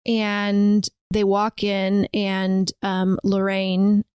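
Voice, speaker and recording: A woman's voice: mid-range voice, completely flat delivery, very slow, a little mellow, smooth, no echo, studio quality. Woman narrating a movie plot casually. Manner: narrates the plot step by step, with fillers. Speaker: podcast co-host. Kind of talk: casual movie recap chat.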